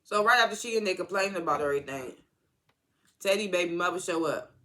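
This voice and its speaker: A TV episode reviewer in a casual recap, rambling and halting with lots of fillers and exasperated asides. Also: mid-range voice, lively intonation, pushed and bright.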